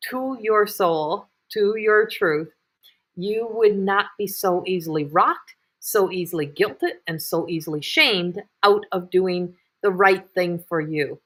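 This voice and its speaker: A woman's voice: fairly low pitch, fairly bright tone. Rambling woman giving readings. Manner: rambling and repetitive, many fillers and restarts. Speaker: intuitive reader hosting live readings. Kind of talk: live-streamed psychic reading.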